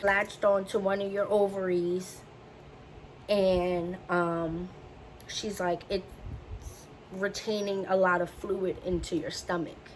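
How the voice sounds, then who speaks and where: A woman's voice: medium pitch, slow, slight background noise. Young woman telling her story animatedly. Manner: animated retelling with voiced quotes. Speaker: beauty vlogger. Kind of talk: personal storytelling to camera.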